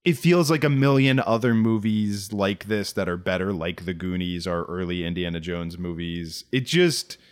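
A man co-hosting a podcast in casual chat, talking in quick animated bursts with frequent restarts. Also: deep voice. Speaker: podcast co-host.

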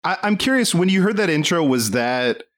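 A man's voice: a little high, big pitch swings, fairly quick, fairly bright tone. A man hosting a movie podcast, playful and riffing in casual chat. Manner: playful, riffs and does silly bits. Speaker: podcast host.

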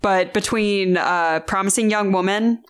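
A woman speaking as a podcast co-host in a casual film discussion, hesitant and unhurried. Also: mid-range voice, clear, resonant tone. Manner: slow, hesitant.

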